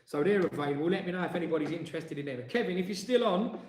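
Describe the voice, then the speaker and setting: A man's voice: sits high, lively intonation, rapid-fire, darkish tone, roomy sound. A man in his forties with an East London accent, co-hosting a casual live-stream chat and joking with viewers. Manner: jokey, banters and teases. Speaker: co-host.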